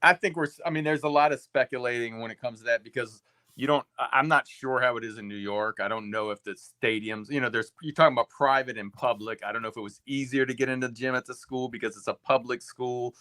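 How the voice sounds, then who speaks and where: A man's voice: medium pitch, steady tone, quick pace, bright, forceful tone, no echo. A man co-hosting a talk show discussion, explaining his view with lots of hedging and restarts. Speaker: co-host.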